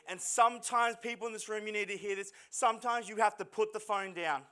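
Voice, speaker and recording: A male pastor preaching a lively, dramatic sermon to a church congregation, with jokey asides and voices he acts out. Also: high voice, a little fast, few pauses, clear, resonant tone. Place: church service hall.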